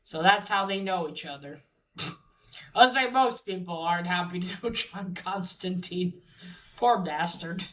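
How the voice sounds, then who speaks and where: A woman's voice: fairly low pitch, unhurried, a bit bright, rough recording. A woman casually recapping a comic book story, swearing freely and retelling each scene with lots of fillers.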